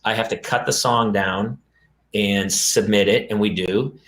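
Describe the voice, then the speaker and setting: A man's voice: fairly low pitch, a little slow, roomy sound. A middle-aged man, co-host of a parenting podcast, casually telling a long story and acting out the lines of the people in it. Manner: animated, acts out dialogue in quoted voices.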